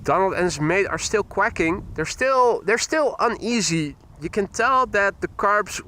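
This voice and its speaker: A man's voice: high-pitched, animated, a little slow, pushed and bright, slight background noise. A man hosting a live stream, chatting casually while commenting on arriving airplanes and greeting viewers. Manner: chatty, reads viewer comments, laughs easily. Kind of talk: live plane-spotting commentary.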